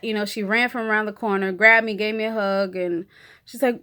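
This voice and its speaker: A woman's voice: mid-range voice, steady tone, fairly quick, bright, forceful tone. A woman giving a candid, emotional personal video update in casual, chatty speech full of fillers like "you know" and "like". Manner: chatty and candid, full of 'you know' and 'like'; emotional, talks openly through her feelings. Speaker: vlogger.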